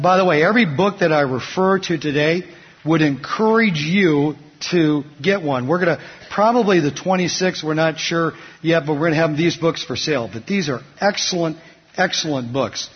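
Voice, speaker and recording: A man's voice: fairly high pitch, breathy edge. A man preaching a sermon, asking the congregation to fill in words and telling stories from his week. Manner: asks the congregation fill-in questions. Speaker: pastor. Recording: dull sound, long hall reverb.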